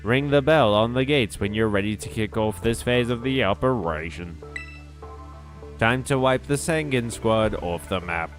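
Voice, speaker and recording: A man's voice: lowish voice, a little slow, soft background music, close to an everyday voice. A man reading the lines of a secretive mission strategist, giving orders in a matter-of-fact briefing tone.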